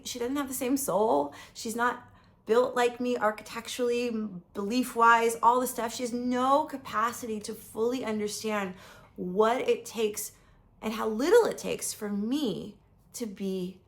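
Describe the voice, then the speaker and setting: A chatty woman in her fifties with a slight gravelly fry in her voice. She tells a personal story to the camera in an eager, casual way, and her talk is full of "um" and "like". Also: fairly high pitch. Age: 50s. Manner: enthusiastic, chatty, many fillers like "um" and "like". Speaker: vlogger.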